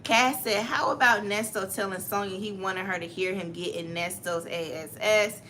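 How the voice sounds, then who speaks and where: A woman with a Southern US accent co-hosts a casual online chat, reading viewer comments aloud. Her manner is blunt and joking, at an ordinary middle pitch. A faint hum sits under her voice. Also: steady tone, normal speed, pushed and bright.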